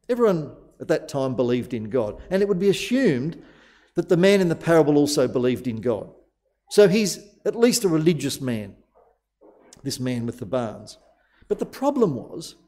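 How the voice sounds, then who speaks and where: Man preaching with dramatic pauses. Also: a little high, warm tone. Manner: storytelling, varied emphasis with dramatic pauses. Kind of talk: sermon.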